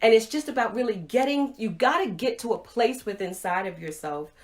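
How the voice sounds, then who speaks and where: A middle-aged woman giving a motivational livestream talk, telling a personal story with animated acted-out dialogue. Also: on the high side, brisk. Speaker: motivational speaker. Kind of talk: Facebook Live talk to viewers.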